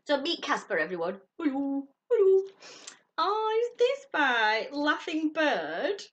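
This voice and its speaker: A woman vlogging a subscription box unboxing in casual chat, gushing and excitable. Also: sits high, a little slow, dull audio. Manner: gushing and excitable, squeals at surprises.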